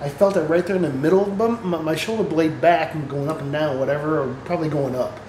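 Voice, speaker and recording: A man's voice: on the high side, fast, a little mellow, roomy sound, slight background noise, rough recording. A man talking in a casual, rambling spiritual monologue, swearing freely and laughing often as he talks. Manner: rambling, profane, laughs often, reads passages aloud. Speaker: spiritual vlogger.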